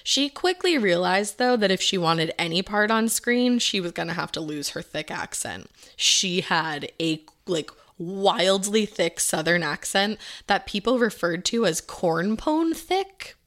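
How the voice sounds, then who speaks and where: A woman's voice: lowish voice, expressive, a little slow, a bit bright. A young woman co-hosting a podcast, telling a life story in casual chat and swearing freely. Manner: swears freely, acts out quotes. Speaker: podcast co-host.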